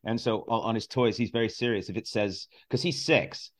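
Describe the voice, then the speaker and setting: A man's voice: fairly low pitch, a little fast. A man in his forties, a stand-up comedian, chatting as a podcast guest, telling stories with acted-out voices and lots of laughter. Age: 40s. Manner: animated storyteller, acts out voices, laughs a lot. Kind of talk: casual comedy podcast chat.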